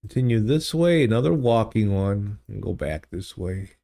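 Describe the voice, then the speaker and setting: A man hosting a livestream, chatting casually and thinking aloud in a halting, easygoing way while playing a geography game. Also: on the low side, animated, gravelly, warm tone. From United States. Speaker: livestream host. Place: home streaming studio. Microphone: studio desk microphone.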